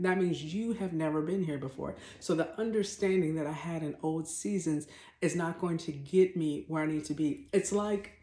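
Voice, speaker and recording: A woman's voice: deep voice, darkish tone. A woman teaching about faith on her vlog, talking off the cuff in an emphatic, blunt way, often repeating herself and restarting her sentences. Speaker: faith vlogger. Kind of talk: spontaneous spiritual teaching. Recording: roomy echo.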